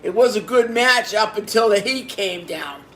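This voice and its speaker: A man giving a casual video review of a wrestling show, excitable, repeating himself and bursting into exclamations. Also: high-pitched, normal speed, slight background noise.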